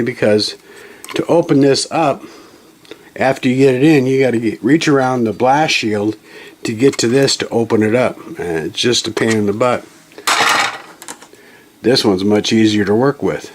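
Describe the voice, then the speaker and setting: A man hosting a casual hands-on tutorial at his home reloading bench, talking in a folksy, rambling way with frequent self-corrections and apologetic asides, recorded on a camera mic. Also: mid-range voice. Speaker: channel host demonstrating a reloading tool. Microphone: camera mic, handheld then on tripod.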